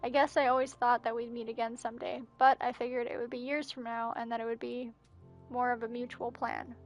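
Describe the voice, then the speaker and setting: A woman's voice: on the high side, flat delivery, fairly quick, faint music behind. A woman streaming a game and reading its messages and journal entries aloud as narration, with breathless asides. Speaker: gameplay streamer. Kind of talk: reading game texts aloud during a playthrough.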